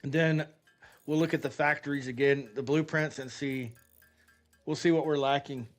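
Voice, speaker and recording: A man's voice: mid-range voice, steady tone, moderate pace, faint music behind. An American man streaming a game, telling a rambling story in casual chat and swearing freely. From United States. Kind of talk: casual gameplay commentary with storytelling.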